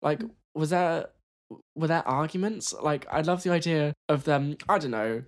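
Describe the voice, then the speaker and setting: A woman's voice: low-pitched, moderate pace. A woman guesting on a podcast, chatting casually in a rambling, giggly way with many restarts. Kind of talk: casual chat.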